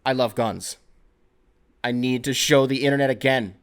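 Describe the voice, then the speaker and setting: A man's voice: mid-range voice, normal speed, clean tone, close to an everyday voice. A brash young basketball star , as a man mimics him, talking in a cocky, profane, repetitive way. The voice stays close to an everyday man's talk. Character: brash young male basketball star who loves guns.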